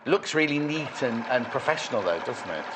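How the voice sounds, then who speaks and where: A man's voice: medium pitch, big pitch swings, fairly quick, crowd noise, noisy background. A man from Northwest England hosting a live sewing shopping show, chatty and teasing as he reads out viewer messages. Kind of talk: live studio chat.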